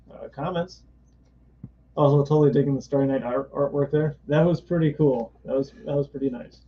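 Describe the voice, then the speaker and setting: Chatty guy hosting a comic reading in a shop, slightly high voice, muffled lo-fi sound. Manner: chatty, reads every part aloud. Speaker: host. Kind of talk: casual comic book reading chat. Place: comic book store. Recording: dull lo-fi stream audio.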